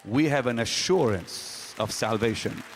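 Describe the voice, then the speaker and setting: A man preaching a sermon to a congregation, emphatic, swinging from loud rising questions to low quiet statements. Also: measured pace, in a large hall, crowd noise, background noise. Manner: emphatic preaching with sudden rises and drops. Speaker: pastor. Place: large hall.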